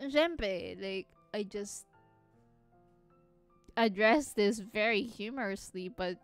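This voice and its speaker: A woman's voice: medium pitch, slow pace, smooth, no room sound, soft background music. A young Filipino woman hosting a podcast, venting candidly and swearing often as she switches between Tagalog and English. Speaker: podcast host. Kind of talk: candid personal monologue.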